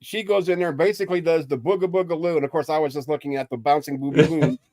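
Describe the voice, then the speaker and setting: A man's voice: on the high side, fairly even intonation, fast, darkish tone. An older man in casual chat, joking with dry one-liners while a little tipsy.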